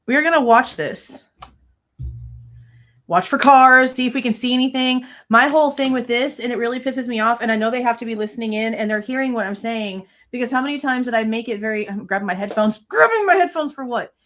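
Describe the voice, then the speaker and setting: A woman's voice: fairly high pitch, brisk, fairly bright tone. A woman in her thirties hosting a true crime livestream, venting angrily with frequent swearing in casual commentary.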